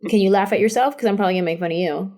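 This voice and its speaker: An animated woman comedian in her thirties talks openly as an interview guest. Her voice sits at an ordinary middle pitch. She tells her stories with energy and slips into quick acted-out lines. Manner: candid, animated storyteller who acts out quotes. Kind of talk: casual interview chat.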